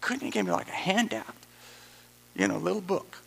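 Lively, gravelly preacher man. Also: high voice, brisk. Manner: emphatic and repetitive, with dramatic asides. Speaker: pastor. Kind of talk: sermon.

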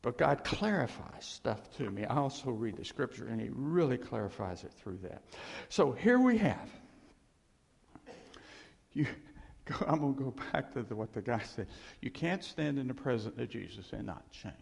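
Husky preacher in an echoing hall. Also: male voice, medium pitch, normal speed. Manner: animated, self-deprecating, rambling asides. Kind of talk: informal sermon.

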